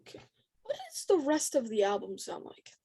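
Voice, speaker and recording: A woman hosting a casual interview with a band, teasing and quick to laugh. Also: on the high side, very animated, gravelly, warm tone, slightly rough. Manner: giggly, teasing. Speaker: podcast host.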